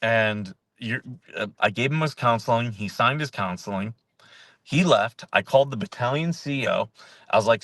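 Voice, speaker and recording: A middle-aged man hosts a relaxed talk show and tells stories in a loose, conversational way, often restarting his sentences. His voice sits at an ordinary middle pitch. The sound is dry and close, with no room echo. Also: normal speed. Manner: conversational storytelling with frequent restarts and fillers. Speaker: host. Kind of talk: casual talk show monologue.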